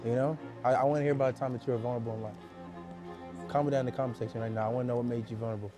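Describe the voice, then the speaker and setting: A man's voice: mid-range voice, steady tone, racing, over music. A man talking casually to the camera in a mock-sincere, joking way. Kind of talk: casual vlog talk to camera.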